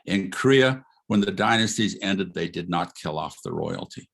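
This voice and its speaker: Over a video call, a retired history professor in his later years gives a relaxed, animated lecture, chuckling and asking rhetorical questions. He speaks at a normal speed in a deep voice with vocal fry.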